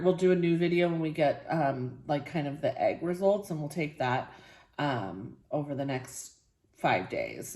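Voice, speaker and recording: A young woman with a low voice talks casually in a personal vlog, rambling with lots of filler words. She sounds tired and a bit sore, soft and emotional. The room is echoey. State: tired and sore after a procedure. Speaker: vlogger.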